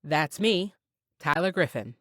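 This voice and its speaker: A woman voicing a relaxed, friendly Texan man with a light Texas drawl in an audiobook. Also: sits low, a little slow, dry recording, studio quality, full character voice. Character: easygoing Texan male contractor, adult. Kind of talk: audiobook character reading.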